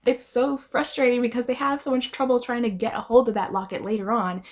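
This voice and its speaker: A woman's voice: on the high side, fairly quick, hardly any pauses. A young adult woman talking casually and emphatically as a book vlogger reviewing her reads. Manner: expressive, emphatic, often adds "okay?".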